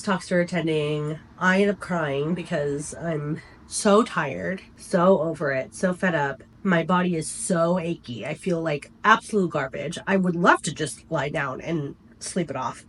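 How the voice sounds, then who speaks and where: A woman's voice: sits low, fairly bright tone. A young woman vlogger who is sick, congested and weak, telling a chatty, exasperated story-time tale.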